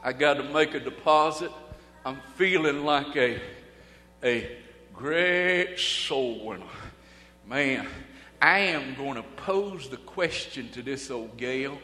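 A male preacher tells a story in a sermon, speaking folksy and dramatic with pauses and swings from loud to hushed. It is recorded in an echoey hall. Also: medium pitch. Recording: echoey hall with faint hum.

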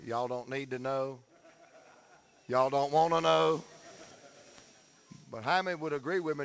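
Here a visiting preacher, middle-aged, tells folksy jokes in a humorous lead-in to his sermon, storyteller style. His medium-pitched voice is steady and creaky, a little slow, with long pauses.

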